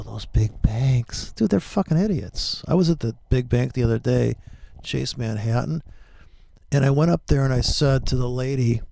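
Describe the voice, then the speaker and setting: Gravelly, foul-mouthed middle-aged man ranting. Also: medium pitch, warm tone, no echo. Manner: profane, heated ranting. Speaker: trading livestream host. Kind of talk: ranting livestream chat.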